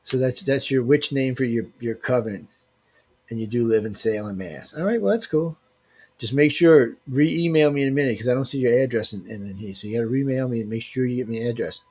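A man's voice: medium pitch, fairly quick, a little mellow, husky. A man hosting a casual livestream giveaway, reading viewer emails aloud and teasing them with loose slang. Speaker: livestream host running a giveaway.

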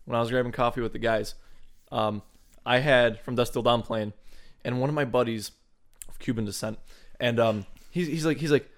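A man co-hosts a podcast in an easygoing way. He cracks jokes, asks quick questions and answers in short bursts. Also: mid-range voice. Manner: relaxed, joking, short replies. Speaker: podcast co-host. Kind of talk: casual podcast chat.

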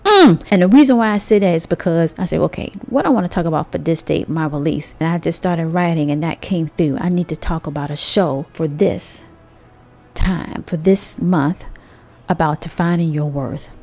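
Female host, mellow low voice, preachy but chatty motivational monologue with soft music behind. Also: vocal fry. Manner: conversational, preachy, drawn-out emphasis; speaks with rhetorical asides to listeners.

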